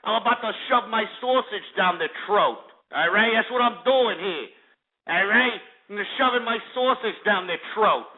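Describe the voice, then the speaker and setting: A man's voice: sits high, expressive, normal speed. A radio host voicing a leering, boastful tough-guy lothario with crude bragging. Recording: lo-fi phone-like radio sound.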